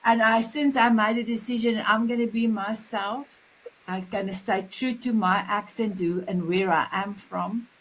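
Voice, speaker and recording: A woman's voice: mid-range voice, fairly even intonation, normal speed, rough recording. Effusive woman host. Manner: warm, effusive, non-native phrasing. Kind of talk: casual interview chat.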